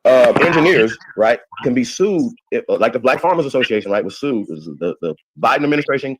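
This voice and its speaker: A man's voice: mid-range voice, expressive, quick pace, background noise. A man arguing heatedly as a guest on a live-stream panel, repeating words and talking over others.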